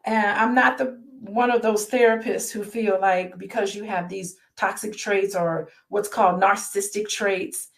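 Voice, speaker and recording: A woman therapist who reads passages from a book aloud and talks them over with her listeners in a conversational way, often checking in with a quick "right?". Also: medium pitch, steady tone. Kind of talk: reading a book aloud and commenting.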